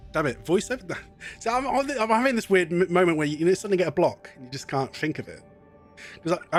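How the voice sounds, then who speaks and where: A man's voice: fairly high pitch, no echo. A man streaming a video game, chatting in a rambling way and often laughing. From half Scottish. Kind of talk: live game stream commentary.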